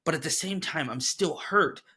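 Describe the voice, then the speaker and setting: A man talking casually on a podcast as a co-host. He rambles, swears freely, and gets animated. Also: on the high side, normal speed, husky.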